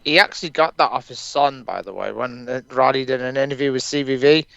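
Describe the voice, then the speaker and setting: A man co-hosting a podcast in casual wrestling chat, excitable and sweary, swinging from low mutters to shouts. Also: brisk, creaky, clear, resonant tone, no room sound. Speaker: podcast co-host. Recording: dull lo-fi sound.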